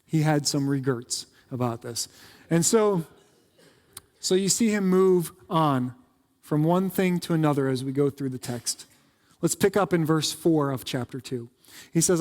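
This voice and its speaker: Pastor guy giving a chatty jokey sermon, bit high voice, long church echo. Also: a little mellow. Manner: casual and joking, with quick asides. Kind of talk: conversational sermon. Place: church sanctuary.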